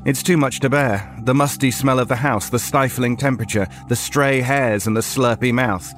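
A man narrating a horror story in a measured, storytelling way. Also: mid-range voice, soft background music.

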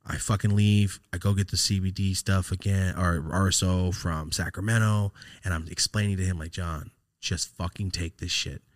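Low-voiced guy telling a story, swears a lot, dry close sound. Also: normal speed, no echo. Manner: profane, animated, laughs while telling. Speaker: podcast host. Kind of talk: casual storytelling.

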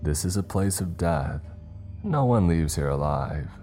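A man's voice: low voice, animated, unhurried, faint music behind. A man voicing a cruel, knife-wielding Australian man with a threatening manner, in a horror story reading. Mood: menacing. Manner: threatening, louder than the narration.

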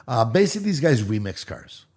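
A man with a Canadian accent co-hosting a podcast, speaking haltingly and often restarting his sentences. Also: medium pitch, sing-song, darkish tone, breathy edge. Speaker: podcast co-host. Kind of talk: casual banter.

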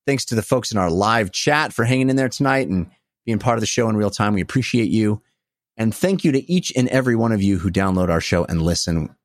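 A man's voice: on the low side, fairly quick, no room sound, clean studio sound. A man hosting a casual podcast, talking loosely with frequent "uh" fillers. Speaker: podcast host.

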